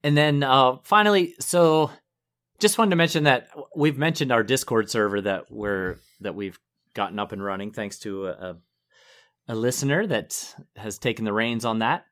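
A man's voice: medium pitch, moderate pace, fairly bright tone. Chatty man co-hosting a podcast. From northern United States. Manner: chatty, laughs often, trails off and restarts. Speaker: podcast co-host. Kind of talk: casual chat.

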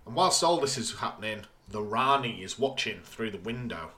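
A man with a bright, forceful voice co-hosts a casual podcast. He talks through an episode's plot in an easy, conversational way and drops wry, deadpan remarks along the way. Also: fairly low pitch, moderate pace. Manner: dry, wry asides while summarising. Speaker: podcast co-host. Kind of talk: casual chat recapping an episode.

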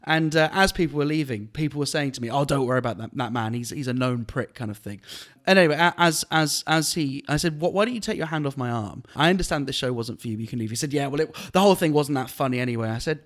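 A man, a comedian, telling a story on a podcast in an animated way and laughing often. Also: medium pitch, fast talker. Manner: animated, laughing while retelling an anecdote. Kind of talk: casual storytelling chat.

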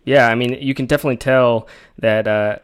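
A man with a middle-pitched voice hosts an interview. He sounds enthusiastic and casual, filling his questions with ums and repeated starts. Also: fairly even intonation, clean tone. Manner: enthusiastic, halting with fillers. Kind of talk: conversational interview.

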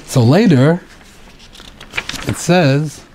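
A rabbi giving a Torah class on the weekly portion, explaining the text step by step, asking rhetorical questions and mixing in Hebrew terms. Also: male voice, fairly high pitch, extremely slow, dark tone, slight background noise.

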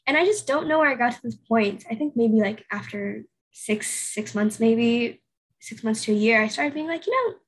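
A woman's voice: a little high, moderate pace, slightly rough. An eighteen-year-old woman guest on a podcast, telling a casual story full of fillers and acting out her own past thoughts. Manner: chatty, filler-heavy storytelling with acted-out inner quotes. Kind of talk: casual interview conversation.

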